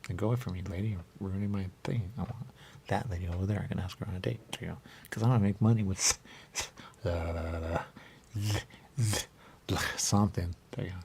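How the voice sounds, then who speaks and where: A man with a very low, gravelly voice rambles through a comic radio chat, circling back to the same phrases. Faint noise sits behind him. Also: steady tone, brisk, a little mellow. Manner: rambling, repeats "there you go", jumps into silly voices. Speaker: radio show host.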